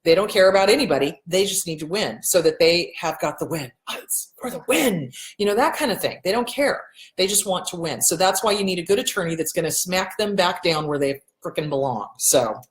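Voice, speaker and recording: A woman's voice: fairly low pitch, expressive, a little fast, reverberant, rough recording. A woman therapist answering viewer questions in a casual, blunt, emphatic way, swearing freely. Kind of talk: casual advice talk.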